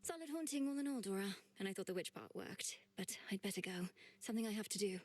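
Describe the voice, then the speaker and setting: A woman plays a resolute young witch princess from a video game. Her voice is husky and half-whispered. The pitch sits in the middle. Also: lively intonation, quick pace, a little mellow, dry recording, close to an everyday voice.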